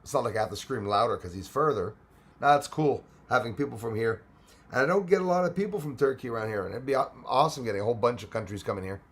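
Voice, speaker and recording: A man's voice: mid-range voice, fast talker, husky. Chatty man hosting a stream. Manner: chatty, reads out viewer comments, frequent fillers. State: coughing now and then. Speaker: livestream host. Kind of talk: casual live-stream chat.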